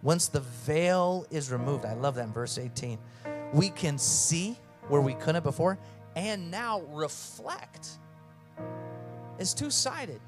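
A man's voice: fairly high pitch, lively intonation, slow pace, music in the background. A man preaching a sermon as pastor, conversational and earnest, telling stories and reading scripture.

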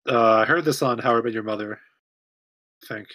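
A man co-hosting a casual music podcast, giving relaxed, easygoing opinions on a song. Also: mid-range voice, brisk. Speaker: podcast co-host. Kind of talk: casual music review chat.

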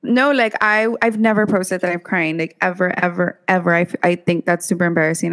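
A woman's voice: on the low side, fairly even intonation, fairly quick, fairly bright tone. A young woman chatting casually as co-host. She gushes with giggly enthusiasm and mixes stray Spanish words into her talk. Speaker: podcast co-host. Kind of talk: casual chat.

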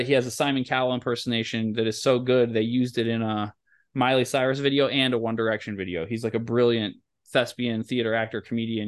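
A man hosting a podcast who swears freely while telling animated stories. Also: medium pitch. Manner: profane, animated storyteller. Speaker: podcast host. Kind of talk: casual storytelling chat.

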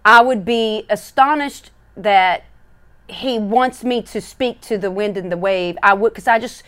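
A woman's voice: medium pitch, clear, resonant tone. A woman co-hosting a casual faith podcast into a studio mic, acting out scenes with many restarts. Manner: animated, acts out scenes, quick restarts. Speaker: podcast co-host. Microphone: studio microphone.

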